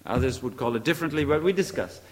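A man's voice: mid-range voice, fast, long reverb tail, faint music behind. A man preaching a sermon, emphatic and repeating short phrases, now and then searching for the right English word.

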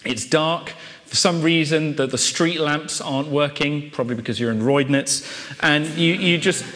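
A man preaching a sermon, building drama with repeated rhetorical questions and pauses. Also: fairly high pitch, fairly bright tone, big-room sound.

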